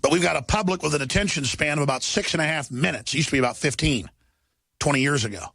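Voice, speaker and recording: A man's voice: fairly high pitch, fast talker, gravelly, pushed and bright, breathy edge, no room sound, clean studio sound. A middle-aged man hosting a combative talk radio show, ranting and mocking as he talks. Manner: ranting, mocking, shifts into sneering put-on voices. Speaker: radio host.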